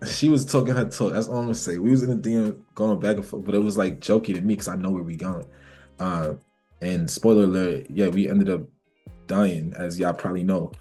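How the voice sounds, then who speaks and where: A man's voice: low voice, mellow, breathy edge. A young man teaching a casual live trading class as a mentor, talking in a slangy, rambling way. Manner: slangy, rambling, talks back and forth with himself.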